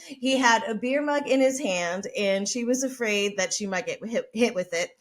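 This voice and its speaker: A woman's voice: on the high side, normal speed. A woman podcast host telling a story in a brash, chatty, profane way. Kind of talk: casual storytelling.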